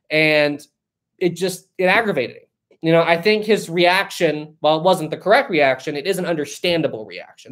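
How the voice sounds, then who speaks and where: A casual live-stream host who chats with viewers, reads their messages aloud and thinks out loud between them. The pitch is lively and wanders widely. The host laughs easily and keeps things loose and jokey. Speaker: livestream host reading viewer donations.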